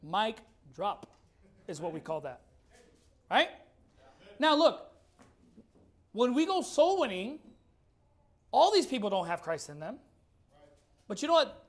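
A man preaching a sermon, firing rhetorical questions and reading scripture slowly and deliberately. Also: high-pitched, big pitch swings. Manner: emphatic, fires rhetorical questions.

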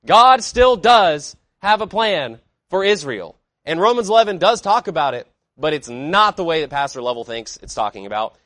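A man preaching a sermon with an animated, fairly high voice that rises and falls widely. He drives his points with emphatic declarations, rhetorical questions and sudden quiet asides. The sound is close and dry, with no room echo. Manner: asks the congregation rhetorical questions. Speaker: pastor.

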